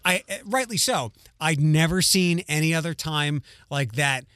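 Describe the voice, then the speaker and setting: A man's voice: a little high, animated, normal speed, pushed and bright, clean tone, dry recording, studio quality. A young man co-hosting a casual chat, telling rambling family stories with restarts and the odd swear word. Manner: rambling, self-interrupting anecdotes with swearing.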